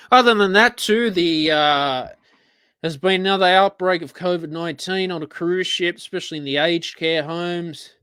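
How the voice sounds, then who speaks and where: A man's voice: fairly high pitch, a bit bright, clean tone, no echo. An Australian man hosting a live-streamed radio-style show, ranting in an exasperated, profane way. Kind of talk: live-streamed solo rant.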